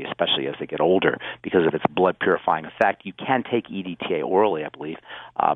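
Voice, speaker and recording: A man's voice: deep voice, dry recording. A man who works as a pharmacist, explaining health topics earnestly on a radio call-in show, often restarting phrases. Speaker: pharmacist guest. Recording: tinny phone-line radio audio.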